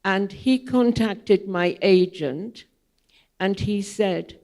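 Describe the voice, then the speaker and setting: Slow gravelly older woman telling stories. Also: mid-range voice, darkish tone. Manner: unhurried, digressive, with frequent ums. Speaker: guest speaker at a theatre panel. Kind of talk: anecdotal storytelling to an audience. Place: theatre hall, public event.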